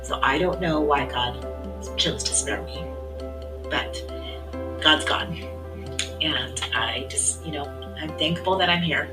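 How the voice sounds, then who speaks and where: A middle-aged woman sharing her faith testimony in an earnest, reflective way, often trailing off softly. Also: low voice, slow pace, pauses often, music in the background, low-quality recording.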